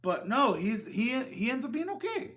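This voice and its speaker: A man's voice: very high-pitched, very animated, moderate pace, fairly bright tone. A man giving a casual film review, rambling loosely and swearing freely. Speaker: movie reviewer.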